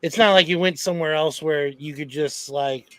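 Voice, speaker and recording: A man's voice: on the high side, normal speed, fairly bright tone, no echo. A man hosting a podcast, chatting in an enthusiastic, rambling way and laughing often. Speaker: podcast host. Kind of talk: casual podcast chat.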